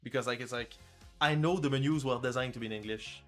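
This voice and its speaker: A man talks over a livestream about the game he is making, rambling and joking with crude asides. His voice sits at an ordinary pitch, and faint music plays behind him. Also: fast talker. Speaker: indie game developer streaming. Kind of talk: casual livestream chat.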